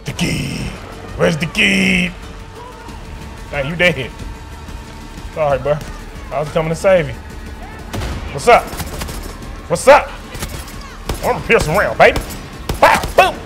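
A man giving excited, slangy commentary while he plays a video game and talks back to it. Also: a little high, normal speed, vocal fry, long pauses, soft background music. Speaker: gaming streamer.

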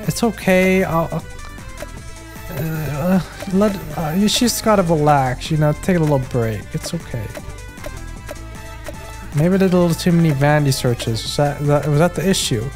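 A gaming YouTuber giving excitable let's play commentary, swearing and stammering as he reacts to the game. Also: medium pitch, moderate pace, soft background music.

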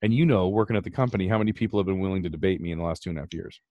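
A man's voice: low-pitched, racing, dry recording, dull audio. A man hosting a podcast, explaining finance numbers in a casual, emphatic way. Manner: animated, emphatic, talks through numbers. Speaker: podcast host.

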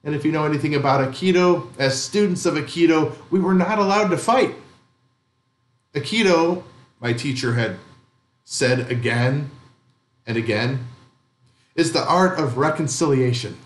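A man's voice: a little high, moderate pace, long pauses, roomy sound. A male pastor reading a story aloud in dramatic first person during a sermon.

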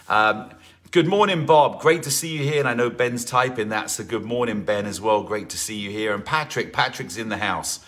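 A man's voice: on the low side, moderate pace, fairly bright tone. A man leading a live online workout class as fitness instructor, chatty and encouraging, greeting viewers by name between rambling asides.

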